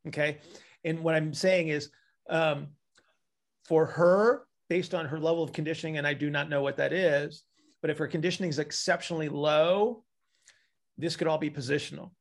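A man with a somewhat high voice explains breathing in an easy, patient way. He acts out the sighs he describes as he goes. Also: steady tone, normal speed. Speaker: breathing expert. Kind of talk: casual advice conversation.

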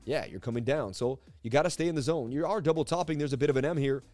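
A man's voice: mid-range voice, fast, no room sound, soft background music. Upbeat man rambling through a live chart analysis. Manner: energetic, rambling, jokey. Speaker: crypto market analyst host. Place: seated at a desk indoors.

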